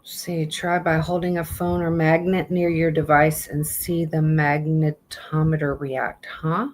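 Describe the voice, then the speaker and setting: A woman's voice: low-pitched, level tone, unhurried, a little mellow. A woman live streaming in a casual chat style, speaking bluntly, swearing now and then, and muttering as she reads app text aloud.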